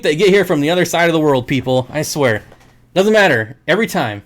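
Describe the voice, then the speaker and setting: A man's voice: fairly high pitch, lively intonation, a little fast. A man who sells aquarium fish, chatting casually on his livestream, joking and laughing often. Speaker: aquarium fish seller and streamer.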